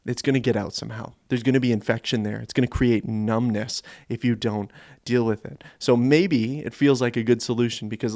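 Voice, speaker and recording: A man's voice: mid-range voice, steady tone, fairly quick, darkish tone, no room sound. Earnest guy doing a faith talk to camera, mid voice, dry sound, calls you his friend. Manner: earnest, direct, addresses listener as friend. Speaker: Christian men's ministry host.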